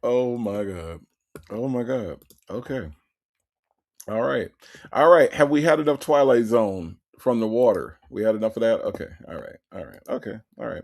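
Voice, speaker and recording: A man hosting a live stream in casual, blunt commentary. His voice is gravelly, his pitch leaps around freely, and he talks with coarse language and a ready laugh. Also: moderate pace. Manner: animated, blunt, profane, laughs often. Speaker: livestream host.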